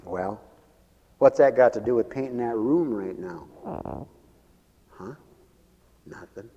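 A man's voice: mid-range voice, sing-song, slow pace, creaky, breathy edge. Man pastor, sermon style, emphatic preacher, dull lo-fi sound. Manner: preachy, rising to loud emphatic calls. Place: church. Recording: muffled church recording with long reverb. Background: radio ministry broadcast of a church service.

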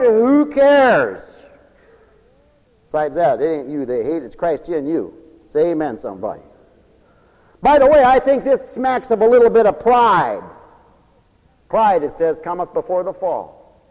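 A man's voice: high voice, very animated, unhurried, pauses often, dull audio. A man preaching a sermon in an emphatic, folksy way, telling stories and calling out for amens. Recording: long hall reverb.

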